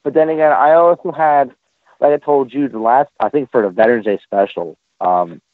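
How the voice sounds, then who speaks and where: A military veteran hosts a casual podcast, trading crude, profane war stories with animated energy. His pitch is medium and his pace brisk, coming through an online call with dry, tinny, phone-like audio.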